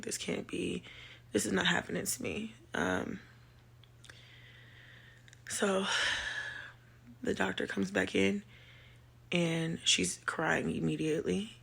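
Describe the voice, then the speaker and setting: A woman vlogger telling a personal story to her viewers, halting with many pauses and fillers, shaken and emotional. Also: fairly low pitch, lively intonation, creaky, a bit bright, slightly rough.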